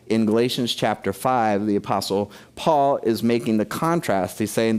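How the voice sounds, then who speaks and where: A man's voice: fairly low pitch, moderate pace, hardly any pauses, darkish tone, smooth. A middle-aged man preaching a sermon with emphasis, asking questions of his congregation. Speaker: pastor.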